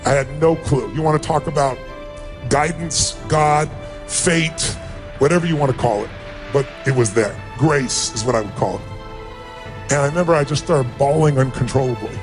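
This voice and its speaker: A man's voice: mid-range voice, normal speed, music in the background. A middle-aged man giving a motivational speech, telling a personal story with emotion and rising to emphatic peaks. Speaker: motivational speaker.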